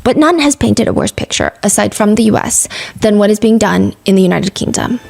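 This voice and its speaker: A woman's voice: medium pitch, expressive, fairly quick, vocal fry, darkish tone. A woman with a mid-range voice tells a true-crime story as a podcast host. She keeps it casual and chatty, slipping in fillers and side remarks. Faint music plays underneath.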